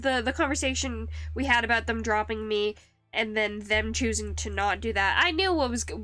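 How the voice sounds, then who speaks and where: A young woman streamer chatting casually while she carves wood, rambling and laughing often, with a high-pitched voice. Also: bright, forceful tone, no room sound. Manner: rambling, with restarts and frequent laughs. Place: home streaming setup.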